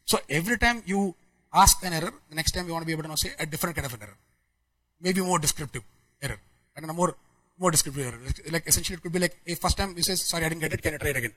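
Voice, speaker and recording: A man giving a technical conference talk, talking quickly with frequent restarts and fillers. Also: fairly high pitch, bright, forceful tone, low-quality recording. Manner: rapid, many restarts and fillers. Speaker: conference speaker.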